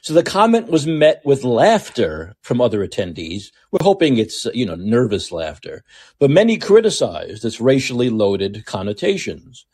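A man's voice: medium pitch, moderate pace, breathy edge. A man hosting a political podcast, delivering a sarcastic, mocking commentary monologue. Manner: sarcastic, mocking, animated rants. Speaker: podcast host.

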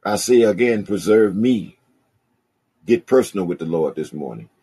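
A male pastor from the rural South with a country accent, preaching and reading scripture in a husky voice with a swelling, pausing cadence. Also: sits low, lively intonation, dark tone. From rural American South. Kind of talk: sermon.

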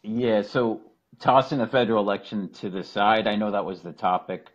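A man's voice: on the low side, normal speed, highs cut off. A man from the Boston area with a Boston accent, chatting casually as a caller on a podcast and rambling with frequent restarts. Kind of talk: casual call-in podcast chat.

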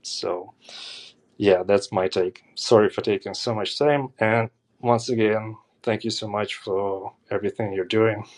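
A male caller with a lowish voice rambles through a long, emphatic take on a live call-in show. He keeps going, circling back and pressing his points. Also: fairly even intonation, a little slow. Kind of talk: call-in commentary.

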